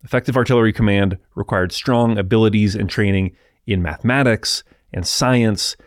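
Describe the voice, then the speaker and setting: A man hosting a history podcast, narrating in a relaxed, explanatory way with asides to the listener. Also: fairly low pitch, normal speed, no echo, studio quality.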